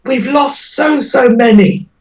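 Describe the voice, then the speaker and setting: Woman interviewee, emotional and pleading, slow delivery, far from the mic. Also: high-pitched. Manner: earnest, pleading, voice breaking with emotion. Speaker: interviewee, mother. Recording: dull lo-fi audio, distant from mic.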